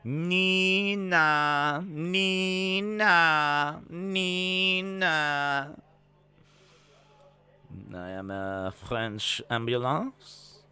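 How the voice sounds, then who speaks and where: A man's voice: a little high, very slow, long pauses, bright, forceful tone, smooth, heavily acted. A man doing a wailing French ambulance siren. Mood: silly. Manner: sing-song siren wail.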